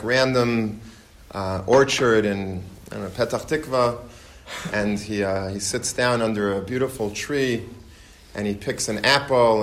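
A man addressing a gathering of guests, pausing often with fillers, then teaching from religious texts. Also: fairly low pitch. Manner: halting, many fillers. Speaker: speaker at a community gathering.

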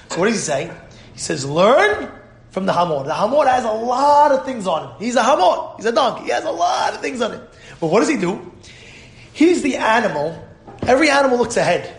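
A man teaching a Torah class as a rabbi, animated and full of rhetorical questions, acting out quotes. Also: high-pitched, roomy sound.

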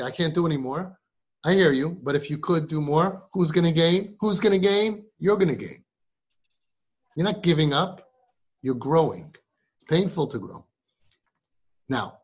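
Man, live talk to girls, rhetorical questions, fairly high voice, muffled recording. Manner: rhetorical, fires questions at the audience. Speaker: parenting guide addressing siblings.

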